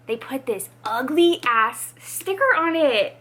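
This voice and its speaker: A woman's voice: high-pitched, a little slow, few pauses. A young woman vlogging casually about books, chatty and dramatic with lots of fillers. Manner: animated, dramatic, many fillers. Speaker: book vlogger. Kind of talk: casual vlog chat.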